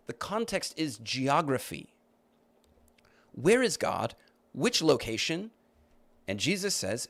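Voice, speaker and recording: A man's voice: mid-range voice, big pitch swings, measured pace. A man hosting a podcast, arguing his point and rebutting comments he reads aloud, with many restarts. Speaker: podcast host. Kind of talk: live-stream commentary reading comments.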